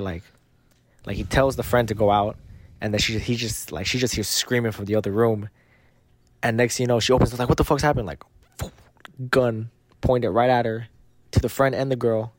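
Young man, podcast co-host, dry close sound; rambling, animated storyteller full of slang and swearing. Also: medium pitch, moderate pace, pauses often, no room sound. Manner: animated, slangy, swears a lot, acts out quotes. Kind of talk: casual chat, storytelling.

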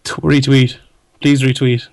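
A young man co-hosting a podcast, excitable with crude banter. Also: medium pitch, unhurried, gravelly, dry recording. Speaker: podcast co-host. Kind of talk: casual chat.

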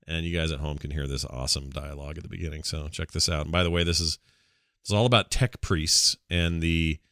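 A man's voice: a bass voice, fairly even intonation, brisk, a bit bright, no room sound, clean studio sound. A man chatting casually about video games in a laid-back, jokey way, a bit groggy from cold medicine. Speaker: podcast co-host.

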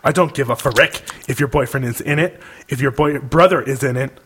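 A man's voice: medium pitch, fairly quick, fairly bright tone, a little hiss or hum. A young man on a casual podcast, reading an email aloud with mock outrage and breaking into laughter between lines. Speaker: podcast co-host.

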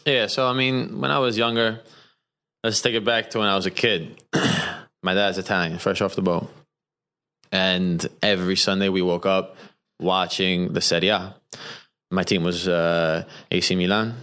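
A man from New Jersey talks easily as an interview guest, telling stories from his youth. His voice sits low but sounds bright and forceful. He laughs often. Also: normal speed, clean tone. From New Jersey, USA. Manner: relaxed, storytelling, laughs often. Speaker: interview guest, soccer player. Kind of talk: casual interview.

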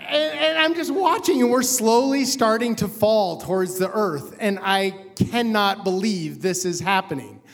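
A man telling a personal story live on stage, excitable and animated, chuckling as he goes. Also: sits high, unhurried, hardly any pauses. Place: theater stage. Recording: long reverb of a live stage.

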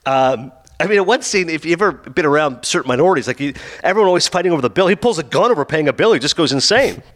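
A man hosting a podcast, reviewing a TV series in casual chat, talking rapidly with lots of fillers. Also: a little high, lively intonation. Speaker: podcast host reviewing a TV show.

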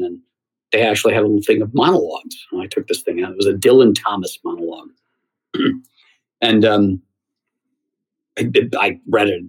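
A middle-aged man from the United States, a theater critic, telling anecdotes in conversation in an animated way, often repeating words. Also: lowish voice, breathy edge, poor audio.

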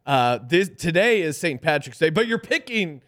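A man's voice: on the high side, normal speed. A man hosting a casual sports betting podcast, reading ad copy loosely and joking with co-hosts. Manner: animated, reads ads loosely and jokes. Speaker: podcast host.

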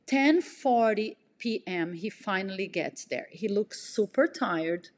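A woman telling a personal story in an emotional, breathless way, jumping in pitch as she acts out what people said. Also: expressive, slow pace, a little hiss or hum. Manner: emotional, breathless retelling, acts out quotes with big pitch jumps. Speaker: podcast storyteller.

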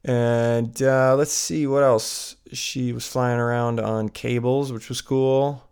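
A man's voice: medium pitch, little pitch movement, takes it slowly, darkish tone, clear, resonant tone. A man hosting a solo podcast, rambling and restarting his sentences with lots of fillers. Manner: rambling, self-interrupting, with many fillers. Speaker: podcast host.

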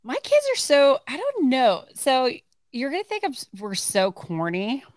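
A woman's voice: sits high, huge pitch swings, a little slow, no room sound, studio quality. A woman co-hosting a podcast in casual chat, rambling with many restarts. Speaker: podcast co-host.

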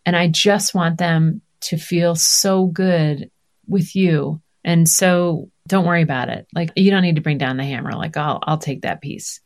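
A woman's voice: fairly low pitch, unhurried. A woman in her fifties, a podcast guest talking candidly in conversation and acting out the voices of family members. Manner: animated, acts out quoted voices.

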